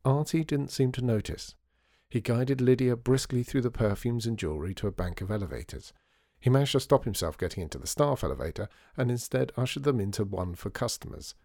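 A man narrating a storybook in a measured, wry way. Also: mid-range voice, animated, gravelly, mellow, no room sound, clean studio sound.

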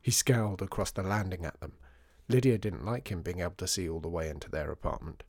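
A man narrating a children's storybook in a measured, hushed manner. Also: low-pitched, vocal fry, no room sound, studio quality.

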